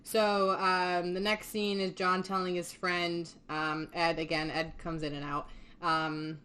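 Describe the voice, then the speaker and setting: A woman's voice: lowish voice, little pitch movement, unhurried, sharp tone, smooth. A young woman hosting a casual podcast, recapping a film in a chatty way, laughing often and swearing casually. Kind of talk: casual chat.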